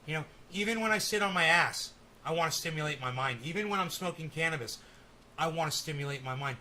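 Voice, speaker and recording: A man's voice: on the high side, fast, pushed and bright. A man hosting a casual live stream, rambling and swearing, with testy, teasing banter with his viewers.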